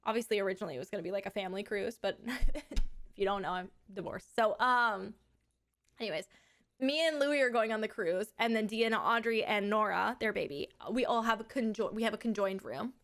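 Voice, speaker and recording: A woman's voice: medium pitch, fairly quick, a bit bright. A woman live streamer in a casual, rambling chat who swears freely.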